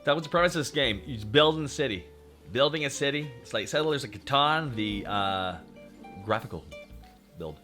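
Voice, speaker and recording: A young Canadian man with a bright, forceful voice rants to his stream chat while he plays. He swears freely and talks off the cuff in a Canadian accent. Faint game music plays under his voice. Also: medium pitch, expressive, moderate pace. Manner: profane, ranting, talks to chat. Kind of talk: casual gaming stream chat.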